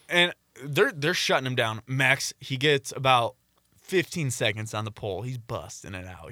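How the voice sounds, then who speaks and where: A young man from telling a story in casual podcast chat, animated and acting out what people said. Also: medium pitch, dry recording, studio quality.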